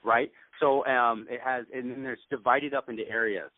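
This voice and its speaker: Man, clinic owner coaching peers, animated and demonstrative, tinny dry call line. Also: medium pitch, moderate pace, no echo. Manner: animated, acts out what he says to patients. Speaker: clinic owner training other practitioners. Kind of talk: conversational sales coaching.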